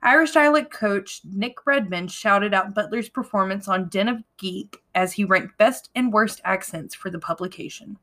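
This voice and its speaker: Woman, American, podcast co-host, casual chat, bright voice, animated reading, laughs often. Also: medium pitch, moderate pace, few pauses. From United States.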